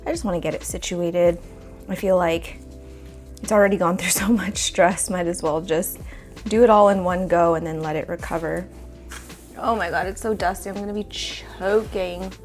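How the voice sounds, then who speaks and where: A young woman vlogging in casual chat as she repots plants at home, thinking aloud with lots of fillers and coughing now and then from dust, recorded on a phone nearby. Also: on the low side. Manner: rambling, chatty, thinks aloud with many fillers. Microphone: phone camera nearby.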